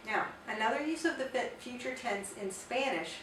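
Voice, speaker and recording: A woman's voice: fairly high pitch, animated, moderate pace, a bit bright. A woman teaching a Spanish grammar lesson in English, patiently spelling out examples. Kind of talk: explanatory language lesson. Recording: roomy, distant mic, faint hiss.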